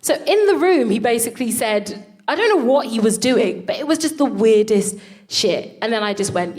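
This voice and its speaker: A woman co-hosting a show, telling comic stories on stage in an animated way, swearing and laughing often. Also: on the high side, moderate pace. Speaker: co-host. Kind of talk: comic storytelling before a live audience. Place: live stage.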